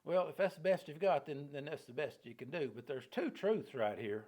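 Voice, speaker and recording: Middle-aged male pastor, plainspoken and folksy, leading a Bible study in a fairly high voice. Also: lively intonation, fairly quick, a little mellow. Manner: folksy, homespun plain talk.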